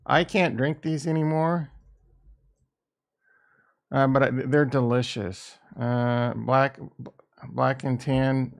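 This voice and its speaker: Male crypto streamer, unhurried, rambles casually and swears, thinks out loud. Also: medium pitch, smooth. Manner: rambling, thinking aloud while trading; casual and profane. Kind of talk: casual livestream chat.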